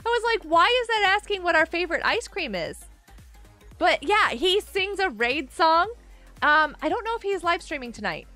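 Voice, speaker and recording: A woman's voice: very high-pitched, very animated, moderate pace, bright, forceful tone, soft background music. A woman in her thirties chatting with viewers while she plays on a live gaming stream, bubbly and giggly.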